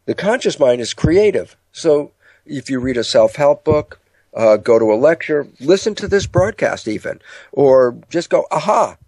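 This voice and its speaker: A man explains the mind in a lecture-style talk, with a middle-pitched voice and a dry, close sound. He tells stories with energy and jumps into higher voices to act out inner dialogue. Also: lively intonation, moderate pace, a little mellow, no echo. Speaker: speaker on biology and the mind.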